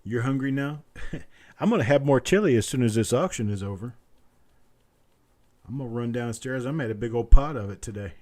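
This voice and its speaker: A man hosting a live online coin auction from home, repeating bid calls in a steady chant and breaking off into folksy chat. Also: medium pitch, brisk, pauses often. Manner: repetitive bid-calling chant mixed with folksy banter. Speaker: auctioneer host. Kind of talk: live online auction calling with chatty asides.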